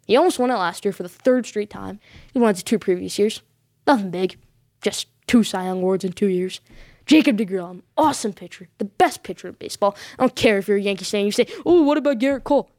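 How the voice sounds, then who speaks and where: A woman's voice: medium pitch, fairly quick, darkish tone, dry recording, clean studio sound. A woman hosting a sports vlog, giving her predictions in an emphatic, insistent way and backing them up with short repeated affirmations.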